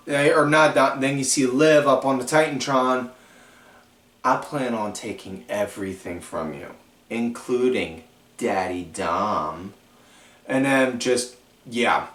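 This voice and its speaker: A man's voice: a little high, a bit bright. A man hosting a wrestling podcast, recapping shows in a rambling, casual way full of fillers. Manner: slow, drawn-out, rambling delivery with frequent fillers. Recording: echoey room, far from the mic.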